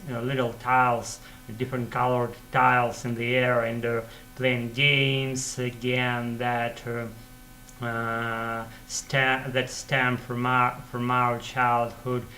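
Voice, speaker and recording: Halting Russian-accented man telling a story. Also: mid-range voice. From former Soviet Union. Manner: halting, many restarts and fillers, grows louder when excited. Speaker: English learner telling a story. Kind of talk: casual spoken storytelling.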